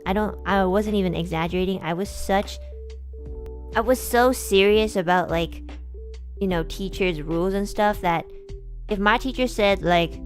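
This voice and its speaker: A woman in a casual stream chat, telling a story from her childhood. She talks in a rambling, animated way, full of fillers and restarts, at a middle pitch. Soft music plays faintly behind her. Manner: chatty, animated, lots of "like" and restarts, voices kids and adults in quotes.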